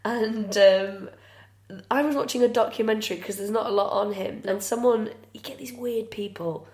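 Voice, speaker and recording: Woman, podcast co-host, frank dry humor, swears a lot, mid pitch, roomy echo. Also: steady tone, normal speed, a little mellow. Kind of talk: casual comedic chat.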